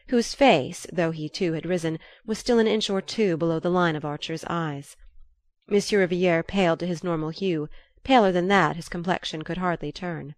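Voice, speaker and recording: A woman reading a classic novel aloud in a measured, even narration. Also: fairly low pitch, dry recording. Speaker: audiobook narrator. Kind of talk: scripted narration.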